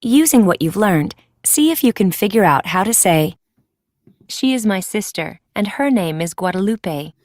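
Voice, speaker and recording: A woman's voice: mid-range voice, expressive, normal speed, darkish tone, dry recording. A woman giving scripted prompts as the instructor of a recorded language course. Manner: clear, prompting. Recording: dry studio recording from a course.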